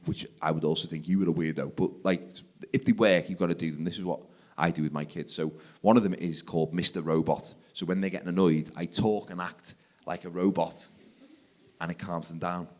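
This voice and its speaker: A man in his forties doing a stand-up comedy set, energetic, jumping to loud shouted punchlines. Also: low-pitched, brisk. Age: 40s. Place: theatre stage, live audience.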